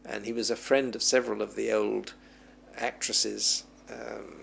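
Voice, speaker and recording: A man with a fairly low, gravelly voice speaks a little slowly, with a bit of hiss or hum in the recording. Interviewed as a film historian, he reminisces at length and animatedly acts out the voices of those he quotes.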